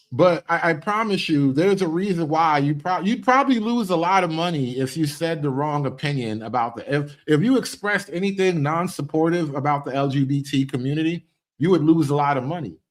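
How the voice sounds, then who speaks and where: Man, commentary host, opinionated, slightly high voice, restarts phrases. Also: expressive, normal speed. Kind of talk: reaction commentary.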